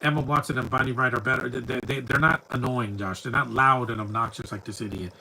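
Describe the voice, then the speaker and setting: A man's voice: medium pitch, fairly even intonation, brisk, vocal fry, sharp tone, a little hiss or hum, poor audio. A man giving live, rambling commentary over a movie, talking back at the screen bluntly and often stumbling over repeated words. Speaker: film commentator.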